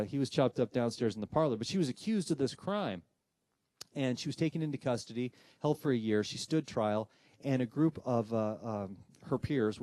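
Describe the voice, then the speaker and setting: Recorded with no echo, this man speaks at medium pitch while recounting his own ghost encounter as a paranormal investigator. He builds tension with dramatic pauses and performs the other characters' voices in a lively, theatrical delivery.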